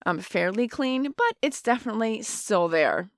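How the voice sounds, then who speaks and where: A woman's voice: medium pitch, lively intonation, normal speed, no room sound. A middle-aged woman co-hosting a parenting podcast, talking earnestly and emphatically, explaining points with everyday examples. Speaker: podcast co-host. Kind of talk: casual parenting chat.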